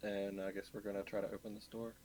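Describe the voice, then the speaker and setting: A man's voice: lowish voice, flat delivery, fast, a little mellow, poor audio. A man playing a tabletop game, talking loosely and hesitantly with casual swearing. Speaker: player.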